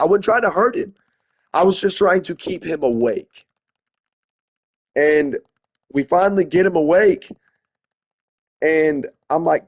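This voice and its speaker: A young man telling a story to his viewers in casual, profane, emphatic speech, calling them guys and bro. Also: a little high. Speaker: storyteller vlogger.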